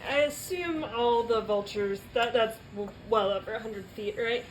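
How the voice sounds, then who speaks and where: A woman playing in a tabletop game, relaxed and joking as she narrates her character's actions. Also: fairly high pitch, normal speed, a little hiss or hum, rough recording. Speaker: player. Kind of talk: casual tabletop play.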